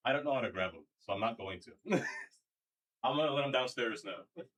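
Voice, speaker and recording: A man's voice: medium pitch, lively intonation, a little fast, fairly bright tone, no echo. A man live-streaming, chatting casually with his viewers and pets, laughing often and rambling. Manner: giggly, rambling, talks to chat and pets.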